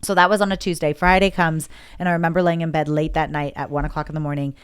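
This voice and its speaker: A woman with a low, smooth voice talks fast as a podcast guest, telling a personal story candidly and with emotion. In this casual interview storytelling, she often acts out what other people said in lively voices.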